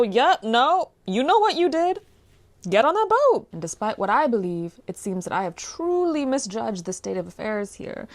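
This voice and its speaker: Female vlogger, fired-up commentary, bright higher voice that swings a lot. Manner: exasperated, animated, swings from low mutters to loud outbursts. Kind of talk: ranting commentary on a news story.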